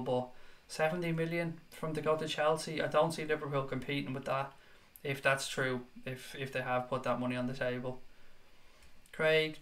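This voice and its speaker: A man's voice: mid-range voice, fairly bright tone. Blunt, sweary male livestream host. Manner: blunt and sweary, reading chat comments aloud. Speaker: livestream chat show host. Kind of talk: casual live chat with viewers.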